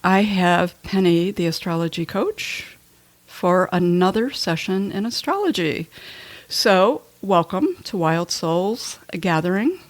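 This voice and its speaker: A woman's voice: lowish voice, lively intonation, takes it slowly, dry recording. A woman hosting a podcast, talking casually and chattily, often joking at her own expense. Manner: chatty, self-mocking, laughs while talking. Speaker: podcast host. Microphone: headphones and mic.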